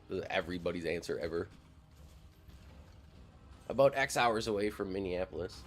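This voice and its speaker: A young man from near Madison, Wisconsin, talks fast in a low voice with fairly even intonation, broken by long pauses, over soft background music. He's gaming on a live stream, chatting casually, rambling, swearing, and saying "like" a lot.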